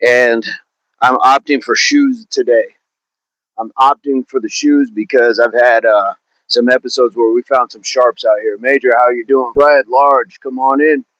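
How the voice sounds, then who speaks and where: An upbeat man chats casually through an outdoor fitness live stream in a park. He greets viewers by name and repeats his words as he warms up. His voice sits at an ordinary pitch and sounds dry and close, with no echo. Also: lo-fi sound. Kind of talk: casual live-stream chat while warming up.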